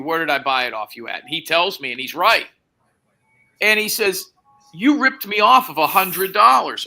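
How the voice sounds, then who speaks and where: A man telling a story in a casual chat, acting out both sides of a phone call and swearing freely. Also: a little high. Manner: animated storytelling, acts out quoted phone dialogue, swears.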